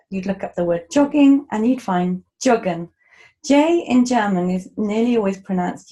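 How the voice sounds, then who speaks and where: A woman teaches German in a relaxed, patient way, pausing for casual asides. She speaks slowly, and her voice is mellow and warm. She comes across as an unhurried tutor. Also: mid-range voice, rough recording. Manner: slow, patient explanations with casual asides and fillers. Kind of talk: relaxed spoken language lesson.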